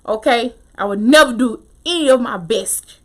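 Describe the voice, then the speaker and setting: A woman casually recapping a TV episode, opinionated and animated, with slangy talk and frequent laughter. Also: on the high side, moderate pace. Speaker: TV show recap host.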